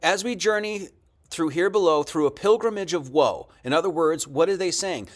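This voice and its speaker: A man's voice: fairly high pitch, moderate pace, slight background noise. A man giving casual lecture commentary over a video he plays, asking rhetorical questions and answering them himself. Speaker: host commenting on a played video.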